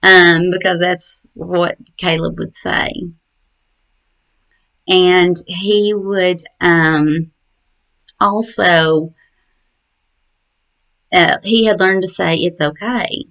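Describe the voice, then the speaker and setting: A middle-aged woman remembering her late son, speaking haltingly and tenderly with many pauses and fillers. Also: on the low side, fairly even intonation, creaky, fairly bright tone. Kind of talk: personal memorial reflection. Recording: dull lo-fi recording.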